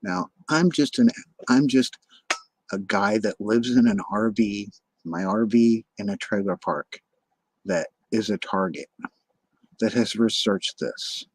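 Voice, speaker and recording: Husky, slow, profane ranting man. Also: fairly low pitch, dry recording, poor audio. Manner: bitter, profane and accusatory; stops short, repeats and restarts words. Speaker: livestreamer. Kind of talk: ranting livestream monologue.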